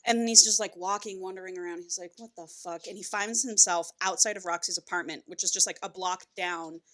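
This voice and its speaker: A woman on a casual book podcast retells a novel's plot, her voice bright and forward. She swears freely and drops into the characters' voices as she goes, keeping the pace lively. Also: on the low side, fairly quick. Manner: animated storyteller, swears freely, acts out characters' lines. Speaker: podcast co-host. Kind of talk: casual book-club chat.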